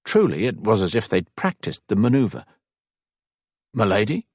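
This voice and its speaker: A man narrating an audiobook in measured, even storytelling. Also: fairly low pitch, no room sound, studio quality. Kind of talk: scripted narration.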